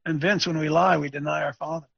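A man hosting a webcast, delivering a preachy, ranting commentary, repeating himself emphatically and swinging between loud bursts and low muttering. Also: fairly even intonation, fast, vocal fry, breathy edge, dry recording. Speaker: webcast host. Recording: dull lo-fi dry recording.

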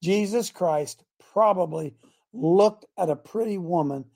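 Man, radio host, emphatic rambling preaching, husky, mellow dark tone. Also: sits high, unhurried. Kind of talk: preaching talk show.

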